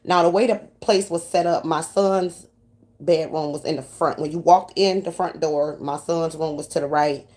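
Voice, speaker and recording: A woman from New York with a New York accent, telling a profane story to her audience in a casual, animated way. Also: deep voice, moderate pace.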